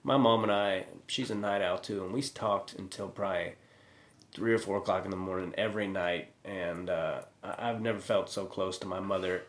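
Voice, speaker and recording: A man's voice: deep voice, steady tone, normal speed. Earnest man chatting in an echoey room. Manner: earnest, conversational, asks questions. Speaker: podcast host. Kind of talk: casual chat.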